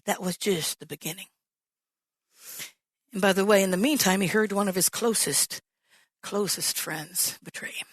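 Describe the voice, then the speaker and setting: A woman pastor preaching a sermon, telling the story with lively acted-out quotes. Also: medium pitch, moderate pace, pauses often, breathy edge, no echo. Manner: animated storytelling, acts out quoted voices.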